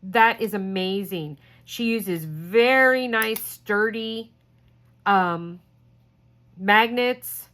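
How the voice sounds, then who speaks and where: A woman talks slowly and unhurriedly, as if chatting to friends on camera. She gushes with gratitude over each small thing, and her voice sits on the edge of tears. Her pitch is mid-range and unremarkable. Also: fairly bright tone. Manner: gushing, grateful, slow and tearful at times. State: tearful, trying not to cry. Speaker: craft channel host. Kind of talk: casual unboxing chat.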